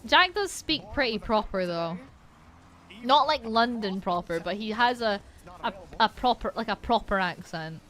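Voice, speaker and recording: A woman's voice: mid-range voice, lively intonation, normal speed, a bit bright. A woman with a Polish accent chatting casually on a gaming stream, swearing now and then and restarting her sentences often. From Poland.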